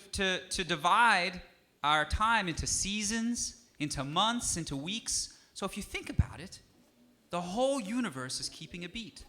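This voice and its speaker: A man who is a musician teaching a young audience, lively and encouraging as he coaxes them to answer. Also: sits high. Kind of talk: interactive music lesson for kids.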